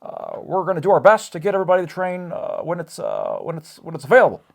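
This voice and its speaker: A man doing an impression of a former male president, speaking with measured pauses and many uhs. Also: sits high, huge pitch swings, vocal fry, pitched above the performer's own voice, full character voice. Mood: reassuring. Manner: halting speech-style pauses with many uhs.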